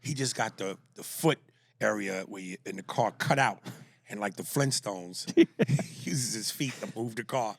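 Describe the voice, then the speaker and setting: A man's voice: lowish voice, normal speed, gravelly, no room sound, studio quality. A man co-hosting a podcast, joking and reading listener emails. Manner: animated, reads emails aloud, jokes in voices. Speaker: podcast co-host. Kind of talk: casual podcast banter.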